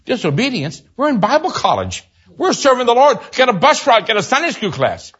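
An older man preaching a sermon, telling a personal story and swinging from loud exclaims to hushed low storytelling. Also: huge pitch swings, fairly quick, breathy edge, dull audio.

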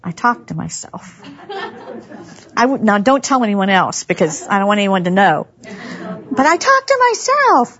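Lady in her 60s giving a chatty devotional talk, husky voice, muffled lo-fi sound. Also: fairly high pitch, sing-song, unhurried, fairly bright tone. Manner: humorous, chatty, often laughs. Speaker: women's devotional speaker. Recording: dull lo-fi recording.

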